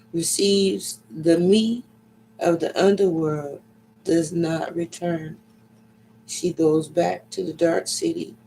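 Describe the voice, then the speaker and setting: A man giving a slow, dramatic reading of an ancient myth, with deliberate pacing and sudden loud cries. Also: fairly high pitch, vocal fry, a little hiss or hum, low-quality recording.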